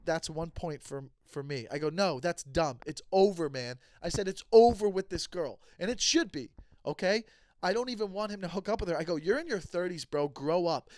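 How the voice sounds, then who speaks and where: A man with a high voice tells a story on his podcast as a heated, profane rant. He switches between himself and the people in the story, and the sound is close and dry. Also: moderate pace, no echo. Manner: acts out both sides of conversations. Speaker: comedian and podcast host. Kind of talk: casual storytelling monologue.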